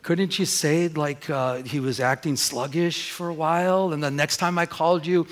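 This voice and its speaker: Man doing a soft, pleading young wife in a sermon joke. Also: on the high side, steady tone, normal speed, close to an everyday voice. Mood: reproachful. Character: young wife, reproachful then forgiving.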